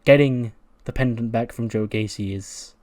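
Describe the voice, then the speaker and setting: A man's voice: medium pitch, moderate pace, darkish tone. Chatty man narrating a game story. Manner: chatty, laughs often, retells scenes with quoted voices. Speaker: game commentator. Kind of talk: casual narration of a wrestling management game.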